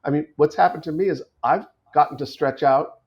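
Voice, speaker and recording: Heard over a dull, lo-fi line, a middle-aged actor from the United States guests on an interview podcast. His voice sits on the high side and moves briskly, thoughtful but full of restarts and repeated words.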